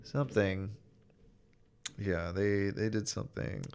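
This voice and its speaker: A young man with a low, gravelly voice and a smooth, clear tone talks loosely on a podcast. He jokes around and lets his sentences drift off. His chat is relaxed and unscripted. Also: slow. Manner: joking, laid-back, trails off mid-sentence. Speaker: podcast co-host. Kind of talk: casual chat about video games.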